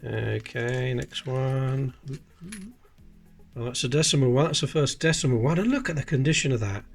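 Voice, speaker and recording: A man's voice: medium pitch, moderate pace, gravelly, faint music behind. Chatty man sorting coins. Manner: chatty, explains details while handling coins. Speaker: coin collecting channel host. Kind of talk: casual coin-sorting commentary.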